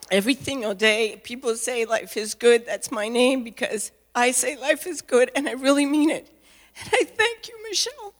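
A woman's voice: high-pitched, fairly bright tone. A woman giving a heartfelt, emotional testimony of gratitude in a church, her voice close to tears. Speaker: congregant sharing gratitude. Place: church sanctuary. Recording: reverberant hall.

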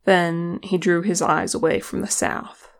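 A woman reading a fan fiction audiobook, narrating in a slow, even storytelling manner. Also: fairly low pitch. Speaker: audiobook reader.

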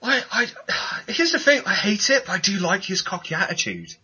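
Bright, lively man chatting. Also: sits high, normal speed, husky, dull audio. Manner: jokey, laughs often. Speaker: podcast co-host. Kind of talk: casual podcast chat about a TV show.

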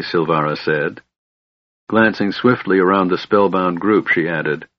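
A man narrating an audiobook in a measured, even storytelling manner. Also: deep voice, dry recording. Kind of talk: scripted narration. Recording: muffled lo-fi recording.

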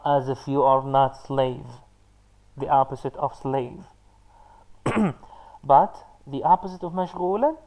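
A man teaching an online lesson, explaining patiently and pausing often with filler sounds as he answers chat comments. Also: a little high, darkish tone, rough recording. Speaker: Arabic teacher.

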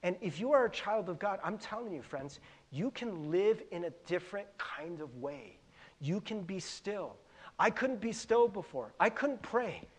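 A man's voice: high voice, big pitch swings, normal speed, husky. A middle-aged man preaching a conversational sermon as a pastor, often stumbling over repeated words. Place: church sanctuary.

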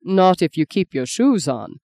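A woman's voice: lowish voice, big pitch swings, a little slow, mellow, no room sound. A woman voicing a self-assured older male politician who speaks mildly and drily in an audiobook reading. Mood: dry. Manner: mild, dry, teasing.

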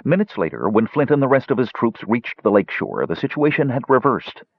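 Male narrator, low husky voice, lively storyteller, dry muffled recording. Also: fairly quick, dry recording. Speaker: audiobook narrator. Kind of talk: scripted narration.

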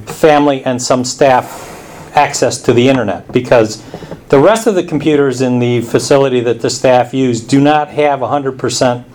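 A man, a community administrator, giving a casual address at a residents' meeting with relaxed storytelling. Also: medium pitch.

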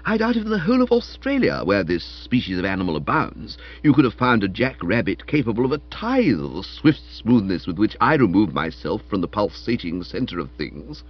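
A man reading a comic novel aloud as a wry, animated storyteller, in a dull lo-fi recording. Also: fairly low pitch, a little fast, few pauses. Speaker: audiobook reader. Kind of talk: scripted comic novel narration.

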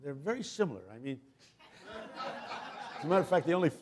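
An older man preaching a guest sermon, telling stories with humor and building to loud, impassioned climaxes. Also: on the high side, animated, fast talker, noisy background.

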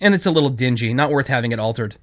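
A man's voice: medium pitch, lively intonation, rapid-fire, a bit bright, natural voice. A man reading a story, voicing a poised, prim young woman who is dismissive and condescending. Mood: breezy.

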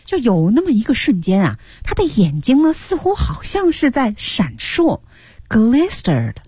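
A woman teaching English on radio, explaining slowly and stretching key words. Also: a little high, wildly swooping pitch, darkish tone, breathy edge, no echo. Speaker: language teacher.

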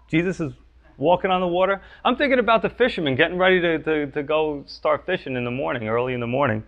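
Male pastor, casual preaching with lots of "you know", gravelly tone, muffled recording. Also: a little high, a bit bright. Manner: conversational, frequent "you know" and "right?". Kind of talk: sermon.

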